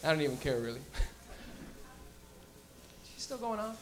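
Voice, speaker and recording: A man doing a stand-up set at a live comedy club. He is loud and profane and laughs at his own stories. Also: on the high side, sing-song, takes it slowly.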